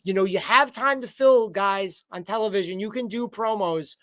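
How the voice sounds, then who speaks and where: A man's voice: high voice, normal speed, pushed and bright, dry recording. A man co-hosting a wrestling recap podcast, chatting casually and rambling with frequent restarts. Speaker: podcast co-host.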